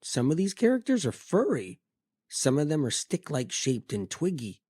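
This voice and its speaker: A man's voice: fairly high pitch, wildly swooping pitch, normal speed, mellow, husky, no echo, clean studio sound. A man delivering a scripted health monologue, telling it vividly with emphatic repetition. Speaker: health speaker.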